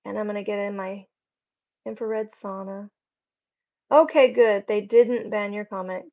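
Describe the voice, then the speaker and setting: A woman's voice: mid-range voice, steady tone, measured pace, long pauses, darkish tone, highs cut off. A woman hosting a casual livestream, chatting and reading viewer comments in a rambling, friendly way. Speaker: livestream host. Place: home.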